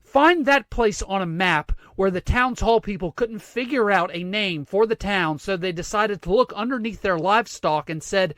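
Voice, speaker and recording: A man's voice: high voice, moderate pace, hardly any pauses, fairly bright tone, no room sound. A man hosting a sports show, ranting with profanity and sarcasm. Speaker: sports commentary host. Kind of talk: sports rant monologue.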